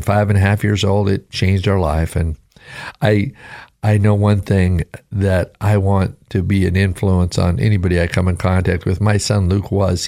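A man's voice: sits low, vocal fry, a little mellow. An older man, a pastor hosting a devotional radio show, talking in an earnest, emotional preaching way with folksy asides.

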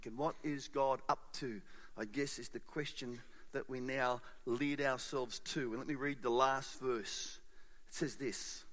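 A man's voice: mid-range voice, a bit bright, big-room sound. A male pastor preaching a sermon to a live room, building emphasis through repetition and questions to the congregation. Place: church hall.

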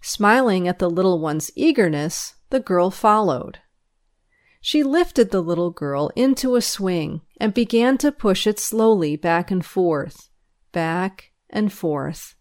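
A woman reads a school paper aloud, its news and its children's stories. Her delivery is unhurried and measured, and her intonation rises and falls in a lively way. Her voice sits at an ordinary middle pitch. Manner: measured, expressive storytelling. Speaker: reader.

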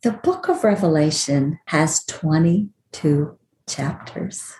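Low-voiced older woman teaching devotionally. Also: lively intonation, takes it slowly, darkish tone. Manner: earnest, reflective storytelling. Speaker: podcast host, Bible teacher. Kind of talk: devotional podcast talk. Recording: roomy with faint background noise.

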